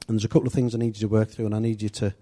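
A church leader, a man with a mellow, warm voice, teaches his group in a loose, conversational way, rambling through asides and restarts as he gives instructions. His pitch sits fairly low, his tone stays level, and he talks rapid-fire.

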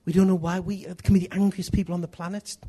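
A middle-aged man delivers a sermon with animated storytelling. His voice sits a little high and sounds husky. He acts out small scenes of dialogue as he preaches. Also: fast. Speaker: pastor.

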